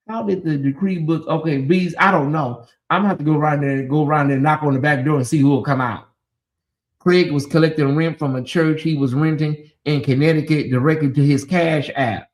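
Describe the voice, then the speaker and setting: Chatty high-voiced man hosting a livestream. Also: moderate pace. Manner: chatty and animated, laughs often. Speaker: host. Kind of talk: livestream commentary, talking to the chat.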